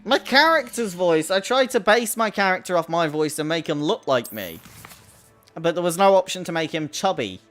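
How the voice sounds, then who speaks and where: A man's voice: high voice, very animated, normal speed, fairly bright tone. A man chatting casually during a game live stream, self-mocking and swearing freely, with a voice he says people call cartoonish. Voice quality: voice others find odd and cartoonish. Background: faint in-game music.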